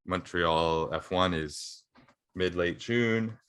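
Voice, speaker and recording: A man's voice: deep voice, slow, fairly bright tone, clear, resonant tone. A young man, co-hosting a podcast in casual, rambling chat full of fillers. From Canada. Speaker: podcast co-host.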